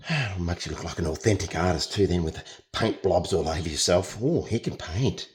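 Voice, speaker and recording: This painting tutor, a young Australian guy, speaks at a normal speed with a voice that sits low. He keeps things casual and jokey, talking his way through a painting demo while he works.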